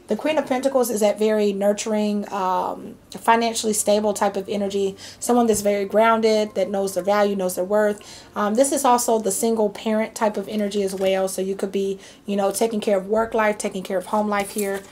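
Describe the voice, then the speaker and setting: A woman's voice: medium pitch, slight background noise. A woman giving a casual tarot reading, chatty and reassuring, with many fillers and frequent okays. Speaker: tarot reader.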